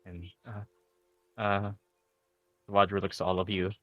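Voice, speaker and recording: A man running a tabletop game as game master, narrating in a relaxed, halting way with fillers. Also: low-pitched, no room sound, highs cut off, soft background music.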